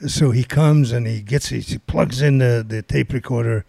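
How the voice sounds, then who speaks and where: A man's voice: medium pitch, normal speed, gravelly, hardly any pauses, breathy edge, no room sound. An older man telling a long rambling anecdote in casual chat, acting out the voices of people in it. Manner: rambling, animated storytelling with quoted voices.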